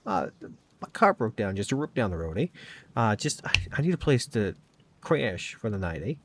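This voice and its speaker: A man voicing a stranded, folksy rural traveler in a deliberately bad rural Canadian accent. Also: fairly low pitch, big pitch swings, background noise. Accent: put-on rural Canadian. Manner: laughably bad, over-the-top folksy.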